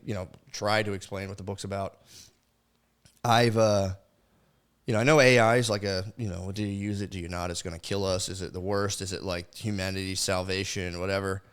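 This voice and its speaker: A man's voice: lowish voice, clear, resonant tone. Man, 30s, solo podcast host, rambling, profane, lots of fillers, studio mic at home. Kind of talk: casual solo podcast monologue. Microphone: studio microphone.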